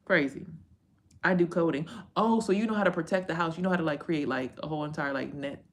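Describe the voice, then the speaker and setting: Low-voiced woman chatting loosely on a livestream. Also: fast talker. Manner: loose, rambling and profane, with frequent slang and side remarks. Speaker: livestream host and tarot reader. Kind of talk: casual livestream chat with viewers.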